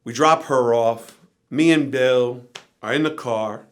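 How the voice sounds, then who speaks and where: A man as an interview guest, telling a wild, profane anecdote with animated energy that drops at times to a low, tired murmur. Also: slow. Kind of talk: storytelling in an interview.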